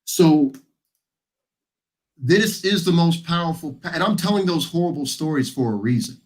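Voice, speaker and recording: A man's voice: medium pitch, breathy edge. American guy hosting a live panel chat, tells stories and acts out voices. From United States. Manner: animated storyteller, acts out quoted voices. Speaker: panel host. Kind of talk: casual panel discussion.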